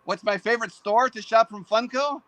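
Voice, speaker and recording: Very high-voiced, animated man. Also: moderate pace, poor audio. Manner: animated, goofy, bursts into silly voices and shouts. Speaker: podcast guest, YouTuber. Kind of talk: casual podcast chat.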